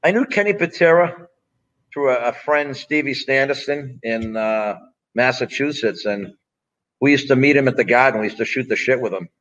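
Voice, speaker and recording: A man's voice: medium pitch, lively intonation, normal speed, fairly bright tone, muffled recording. A man in his sixties, a former strongman and wrestler, telling blunt, profane, rambling stories in a casual interview. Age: 60s.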